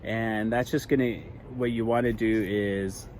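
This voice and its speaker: Slow, patient male teacher with fillers. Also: on the low side, steady tone, darkish tone, a little hiss or hum. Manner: slow, patient, with many ums and uhs; light self-deprecating humor. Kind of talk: recorded lesson for young children.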